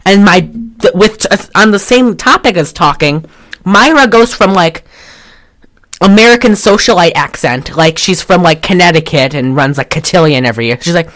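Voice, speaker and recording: Co-hosting a casual film podcast, a woman talks at a moderate pace in a fairly low, fairly bright voice with lively intonation. Her delivery is rambling and profane, full of restarts.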